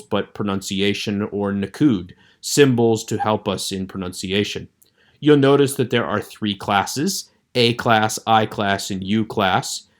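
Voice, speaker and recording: A man with a low voice gives a recorded online lecture. His delivery is steady and explanatory, and he walks through each point patiently. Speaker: teacher.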